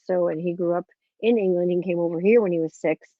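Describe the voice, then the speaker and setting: A woman's voice: fairly low pitch, steady tone, fast talker, dry recording. A woman hosting a casual live-stream podcast, telling stories in a chatty way, swearing freely and acting out what people said. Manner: chatty storytelling, swears freely, acts out quotes. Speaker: podcast host. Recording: tinny phone-like dry sound.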